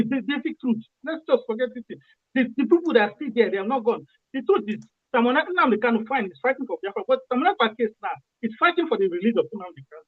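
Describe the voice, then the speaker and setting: Nigerian guy calling in, talks fast and keeps repeating himself, sounds dull and lo-fi. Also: very high-pitched, breathy edge, no room sound. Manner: impassioned, repeats himself, restarts phrases. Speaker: caller. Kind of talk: call-in radio discussion.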